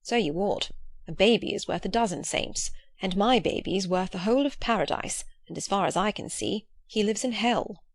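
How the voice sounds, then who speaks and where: A woman voicing an earnest, gentle old man who talks in a pleading, philosophical way. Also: medium pitch, lively intonation, normal speed, no room sound.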